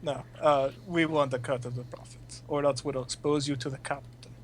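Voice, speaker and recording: A man's voice: mid-range voice, steady tone, normal speed, a little hiss or hum, lightly acted. Man putting on a Russian-accented gangster. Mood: threatening. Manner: threatening, gruff. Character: menacing male gangster O'Brien.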